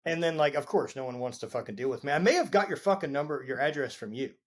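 Man, podcast guest, laid-back storytelling, swears, slightly high voice. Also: fast talker. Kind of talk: casual chat.

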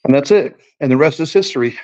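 A man's voice: fairly high pitch, lively intonation, fast talker, mellow. A man in his forties, a guest joking and telling stories in a casual podcast chat. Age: 40s. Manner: joking, storytelling. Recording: muffled lo-fi remote audio.

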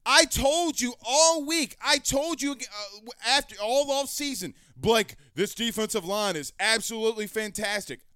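A man hosting a sports talk show, ranting heatedly and raising his voice to shouts. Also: very high voice, animated, a little slow, hardly any pauses, clear, resonant tone, no room sound. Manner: fiery, ranting, raises voice to shouting. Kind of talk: heated sports commentary rant.

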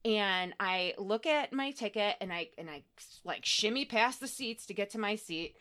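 A woman co-hosting a podcast, telling a personal story in casual chat, animated and laughing often, with plenty of swearing. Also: medium pitch, normal speed, clear, resonant tone. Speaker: podcast co-host.

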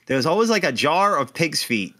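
A man co-hosting a podcast in loose, casual chat, jokey and prone to swearing. His voice sits a little high and sounds bright and forceful. His pitch swings widely as he gets animated. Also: a little fast. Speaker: podcast co-host.

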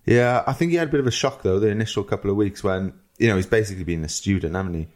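A Welsh man in his thirties, co-hosting a podcast and telling a rambling story in a casual, animated way, often acting out what people said. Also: fairly low pitch, rapid-fire. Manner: rambling, animated, quotes people in lively voices. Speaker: podcast co-host.

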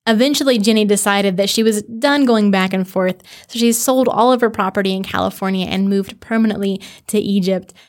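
Woman podcast narrator, mid-pitched, earnest and conversational, slows down to land key moments. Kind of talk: history storytelling podcast.

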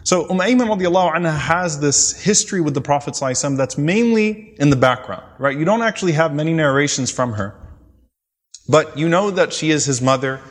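A male preacher telling religious stories in a lecture, quoting Arabic lines and then explaining them in English. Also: a little high. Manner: retells stories with quoted Arabic and English glosses. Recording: long hall reverb.

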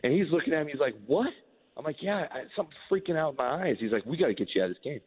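A man in his forties, a former pitcher, telling a story in a casual, rambling way, full of "like" and restarts. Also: very fast, breathy edge. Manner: rambling, animated, heavy use of "like". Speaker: former baseball pitcher, guest. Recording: tinny phone-like line with long reverb.

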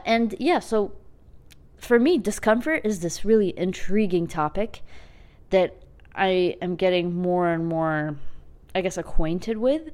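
A woman's voice: on the low side, darkish tone. A young woman hosting her podcast, chatty and self-mocking, rambling through a casual monologue. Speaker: podcast host.

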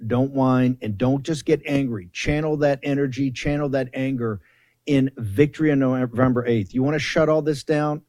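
A man's voice: medium pitch, a little mellow, no room sound. A man hosting a political talk show, delivering combative commentary in a fiery, taunting, emphatic way with repeated rallying phrases into a studio microphone.

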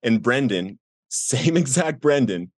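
A middle-aged man recounts his descent and recovery with raw earnestness, leaning into the quoted moments and lifting his voice to act them out. His mid-pitched voice sits dry and close to the mic, with no room sound around it. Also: expressive, slow, a little mellow, dry recording. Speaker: guest sharing recovery story. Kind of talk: emotional personal storytelling.

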